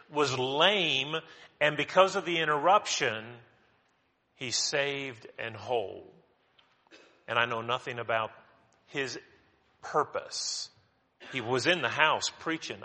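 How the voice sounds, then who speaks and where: A male pastor preaching a sermon in a church, emphatic and animated, repeating words as he builds his points. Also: mid-range voice. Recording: long hall reverb.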